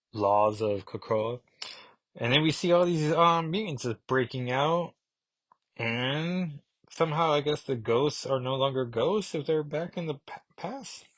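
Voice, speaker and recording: A male podcast host walks through a comic issue in a loose, casual review. He rambles and corrects himself mid-thought, in a middle-pitched, everyday voice. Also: fairly bright tone, no room sound. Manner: rambling, self-correcting, thinks aloud.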